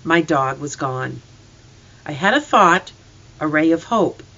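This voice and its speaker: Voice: mid-range voice, expressive, slow, sharp tone. An audiobook reader narrating a first-person story in an earnest, emotive way. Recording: slightly distant, dull lo-fi.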